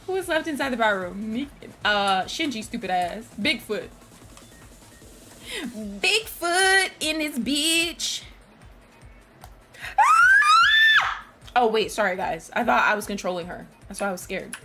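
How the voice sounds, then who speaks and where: A woman streaming a video game, chatting casually with her viewers, excitable, laughing and shrieking often. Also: mid-range voice, normal speed, faint music behind. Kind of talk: casual live-stream commentary.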